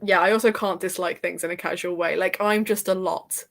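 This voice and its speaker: A young adult woman, co-hosting a casual book chat, animated and self-mocking, swearing now and then. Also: on the low side, brisk, gravelly. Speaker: book channel co-host.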